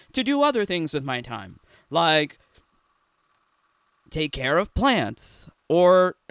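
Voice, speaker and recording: A man's voice: sits high, a bit bright, clean tone, dry recording. A man ranting in a sarcastic, rambling, giggly way from his home in a casual gaming vlog. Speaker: gaming YouTuber. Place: home room.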